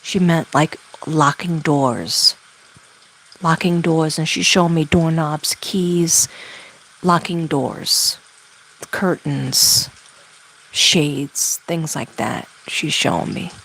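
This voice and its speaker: A woman doing a spirit reading as a medium, talking haltingly and relaying messages with many fillers. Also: sits low, fairly bright tone, rough recording. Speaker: psychic medium.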